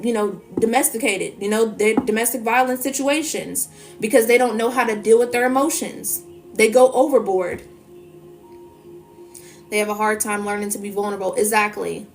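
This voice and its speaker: A woman talking to her viewers as a spiritual energy reader in a casual, emphatic monologue full of "you know" and "so it's like". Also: mid-range voice. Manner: emphatic, repetitive fillers.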